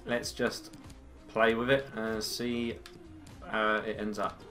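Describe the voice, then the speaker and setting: A young man swearing, laughing and yelling through his own gameplay commentary. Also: on the low side, little pitch movement, slow pace, pauses often, soft background music. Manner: sweary, yells and laughs at the match. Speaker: gaming video creator.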